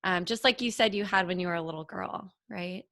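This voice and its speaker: A woman hosting a podcast with a bright, tense edge to her voice. She chats casually and eagerly, telling her own story while encouraging her guest. The sound is dry and close, with almost no room around it. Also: on the low side, brisk, gravelly, dry recording. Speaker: podcast host. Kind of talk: casual conversational interview.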